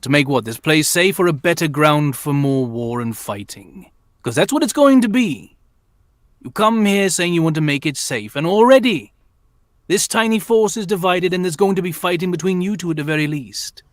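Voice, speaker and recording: A man playing a tabletop game pushes back in a skeptical, challenging way. His voice sits fairly high, and the recording is close and dry. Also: animated, moderate pace, no echo. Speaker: player. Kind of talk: in-character tabletop play.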